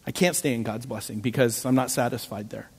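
A man's voice: mid-range voice, brisk, breathy edge. A middle-aged man preaching a sermon, telling stories and acting out voices with self-deprecating jokes. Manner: animated storytelling, acting out voices, self-joking. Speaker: pastor. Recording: long hall reverb.

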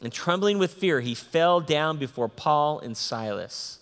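Animated preacher in a reverberant hall. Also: male voice, on the high side, a little slow. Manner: animated, swings between loud excitement and soft hushed tones. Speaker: pastor. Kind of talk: sermon with scripture reading.

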